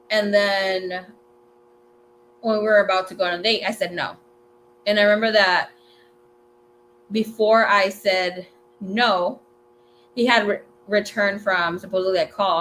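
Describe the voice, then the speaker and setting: A woman in her twenties hosting a tarot livestream, telling a story in a chatty, animated way, swearing freely and mixing in Spanish words. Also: medium pitch, a little hiss or hum. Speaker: tarot reader and livestream host. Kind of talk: casual storytelling chat.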